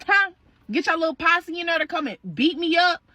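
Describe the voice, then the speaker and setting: Brash greedy mom, crude and dismissive, quick mouth, put on by a woman storyteller. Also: very high-pitched, pushed and bright, dry recording, voice pushed up. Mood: taunting. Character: brash greedy middle-aged mother.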